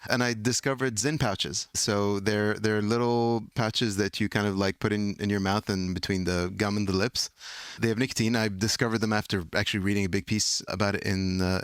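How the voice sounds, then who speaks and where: A man editor chatting on a podcast in a relaxed way, with many hesitations. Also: lowish voice, no room sound, studio quality. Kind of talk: casual chat.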